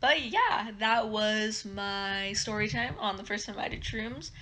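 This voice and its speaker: A young woman tells a casual story-time vlog with a bright, ringing tone. She rambles along with plenty of fillers and keeps breaking into giggles. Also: medium pitch, measured pace, a little hiss or hum. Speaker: vlogger.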